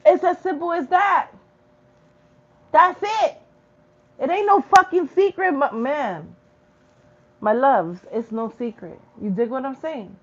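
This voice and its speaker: A woman's voice: high-pitched, slow pace, long pauses, lo-fi sound. Blunt, profane woman preaching spiritual tough love. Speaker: spiritual reader. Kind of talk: spiritual message vlog.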